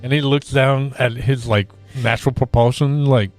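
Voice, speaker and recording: A young man chatting casually as a player at a tabletop game, relaxed and quick to agree. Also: medium pitch, soft background music. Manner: relaxed, quick agreeing "yeah"s and short rules talk.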